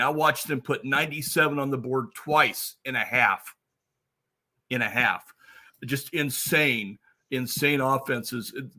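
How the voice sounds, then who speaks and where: A man's voice: medium pitch, bright, forceful tone, a little hiss or hum. A man co-hosting a podcast, chatting casually and enthusiastically. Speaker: podcast host.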